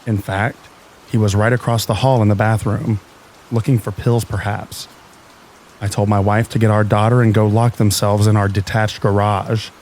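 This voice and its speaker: A man narrating true scary stories in a calm, even reading meant to help listeners fall asleep. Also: fairly low pitch, normal speed, a little hiss or hum.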